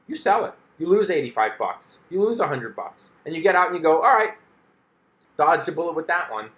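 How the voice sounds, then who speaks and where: Speaking in a reverberant space, this man has a somewhat bright voice that sits in the middle range. His personal finance video unfolds as a casual, talkative monologue, and he slips into quoted lines to act out what an investor is thinking.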